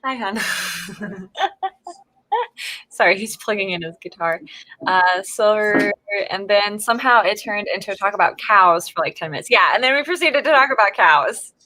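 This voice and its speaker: A woman chats casually while hosting a livestream and reads viewer messages aloud. Her voice is bright and forward, recorded close and dry. She giggles a lot and stumbles over words. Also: medium pitch, normal speed, no room sound. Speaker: livestream host reading chat.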